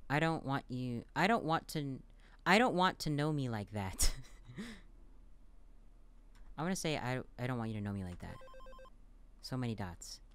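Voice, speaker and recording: A man playing a dialogue-heavy game, reading the lines aloud and reacting between them with quick, playful asides. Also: medium pitch, a little hiss or hum. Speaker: let's play gamer.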